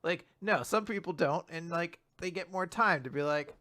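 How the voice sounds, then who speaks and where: A man's voice: a little high, moderate pace, sharp tone. A man co-hosting a casual manga podcast, riffing and swearing freely while mock-quoting characters. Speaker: podcast co-host. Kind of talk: casual manga recap chat.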